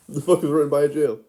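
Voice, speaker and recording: A man with a warm, slightly high voice rambles in a casual monologue, giggling often, peppering everything with "like", and restarting a lot.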